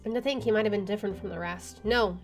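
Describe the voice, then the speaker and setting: A woman's voice: mid-range voice, quick pace. A woman streamer reading a visual novel aloud, with wry asides and swearing. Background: game music.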